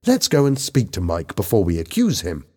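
A man voicing Mister Penny, a calm, sensible economics teacher who speaks in a measured, reasonable way. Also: low voice, slightly rough, full character voice.

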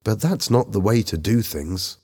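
A man voicing Lisa, a quick-tempered teenage schoolgirl who speaks sharply and indignantly. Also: lowish voice, animated, a little mellow, slightly rough.

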